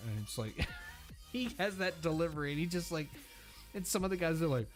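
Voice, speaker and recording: A man's voice: fairly high pitch, lively intonation, fairly quick, music in the background. Rambling, profane man reacting to videos. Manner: rambling, profane, laughs often. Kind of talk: casual commentary over video clips.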